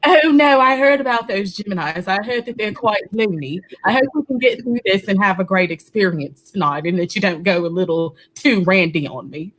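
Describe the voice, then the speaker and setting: A woman's voice: medium pitch, normal speed, few pauses, lightly acted. A woman playing a flamboyant, well-travelled stand-in host who hosts an online reading night with theatrical, teasing banter. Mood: playful. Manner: theatrical, teasing, with an accent that wanders between places. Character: flamboyant globe-trotting female substitute host. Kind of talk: playful live-stream hosting banter.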